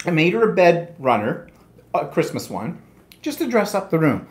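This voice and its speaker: A man's voice: on the high side, big pitch swings, moderate pace, roomy sound. A man co-hosting a live quilting stream, telling long rambling stories in a casual chatty way with many asides. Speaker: co-host of a live quilting show.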